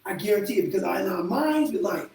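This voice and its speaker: A man with a high-pitched voice talks bluntly and crudely about relationships, laughing often. He is a therapist hosting his own show. The recording picks him up from a distance in a very echoey room with faint background noise. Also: animated, fast talker, creaky, darkish tone. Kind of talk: candid casual talk.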